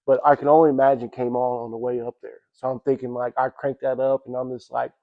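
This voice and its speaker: Gravelly man rambling through a testimony. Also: mid-range voice, little pitch movement, phone-quality sound. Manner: rambling, halting storytelling with many restarts; casual, repeats "you know what I'm saying". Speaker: church member giving testimony. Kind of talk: personal testimony. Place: church.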